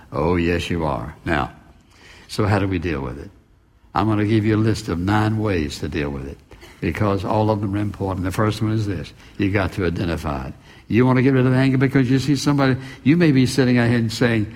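A man's voice: lowish voice, a little fast, a little mellow. A man preaching a sermon, emphatic and full of rhetorical questions and repeated phrases. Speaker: pastor.

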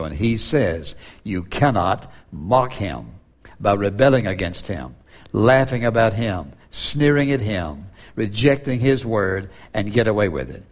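A male pastor preaching an earnest sermon to a congregation, slowing down when he quotes scripture. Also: on the low side.

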